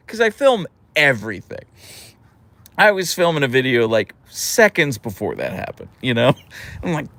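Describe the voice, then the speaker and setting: A young man hosting a livestream, telling a story in an animated way and laughing often. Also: a little high, moderate pace, dry recording. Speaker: livestream host. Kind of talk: casual livestream chat reading comments.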